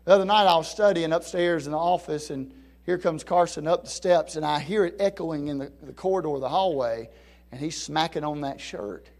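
A middle-aged pastor preaching a sermon, swinging from soft, low passages to loud, fervent peaks. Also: male voice, a little fast. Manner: rising to near-shouting peaks of preaching fervor, then dropping low and soft.

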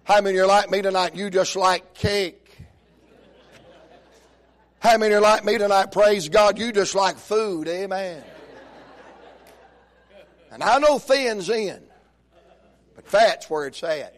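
An older man preaching a humorous sermon, telling folksy stories and rising into shouted praise. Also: high voice, slow, long pauses. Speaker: pastor.

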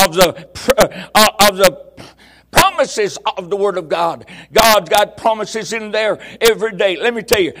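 An older man preaching a fiery revival sermon, repeating words and rising into shouted bursts. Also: high-pitched. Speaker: guest preacher.

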